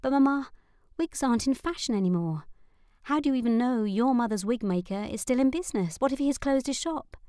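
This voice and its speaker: A woman's voice: a little high, animated, brisk, mellow, no room sound, clean studio sound, voice pushed up, natural voice. A woman voicing a worried, self-doubting young noblewoman in an audiobook, speaking earnestly. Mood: anxious.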